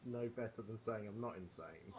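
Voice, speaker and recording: A man's voice: fairly low pitch, moderate pace, low-quality recording. A man playing his character in a tabletop game, chatty and sarcastic, talking over a voice call. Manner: chatty, sarcastic, laughs often. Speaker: player. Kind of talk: in-character tabletop role-play over voice chat. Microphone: computer mic on a voice call.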